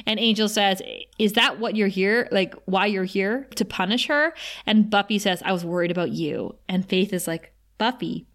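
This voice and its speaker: A woman co-hosting a podcast, recapping an episode in casual chat with animated, giggly asides. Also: medium pitch, moderate pace. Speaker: podcast co-host.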